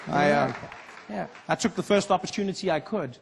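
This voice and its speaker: A man from Africa, performing a lively stand-up comedy routine and acting out voices. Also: on the high side, fairly quick, gravelly, some chatter behind, slight background noise. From South Africa. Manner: animated, acts out voices and laughs.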